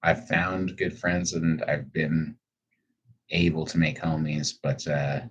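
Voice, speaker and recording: A man's voice: a bass voice, flat delivery, takes it slowly, a bit bright, slightly rough, muffled recording. A man chatting casually on a livestream, talking candidly and rambling a little, with plenty of swearing. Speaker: livestreamer answering chat. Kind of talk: casual reflective livestream chat. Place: at home.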